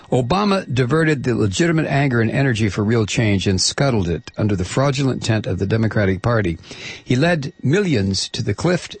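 A male talk radio host with a husky voice, heard close and dry on a studio microphone. He halts and fills gaps with "uh" when talking to callers, then reads a written essay in a steady, pointed way. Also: medium pitch, no echo. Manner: halting with many fillers in chat, steady and pointed when reading. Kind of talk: call-in talk radio, reading an essay aloud.

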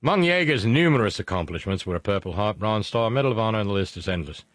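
A man's voice: on the low side, animated, fast talker, no echo, studio quality. A man hosting a live show, rambling through jokes and puns and stumbling over his words as he reads out viewer messages. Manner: rambling, pun-heavy, stumbles and restarts. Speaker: show host.

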